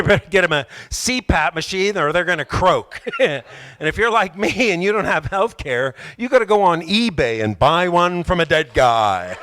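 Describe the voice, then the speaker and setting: A man doing a rambling, self-mocking stand-up comedy set on a club stage, often slipping into loud put-on voices. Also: on the high side.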